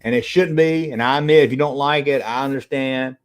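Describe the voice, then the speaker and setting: A man's voice: mid-range voice, a little fast. A middle-aged man hosting a casual livestream, chatting with viewers in a rambling, profane way. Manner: animated and profane, rambling between tangents. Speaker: livestream host.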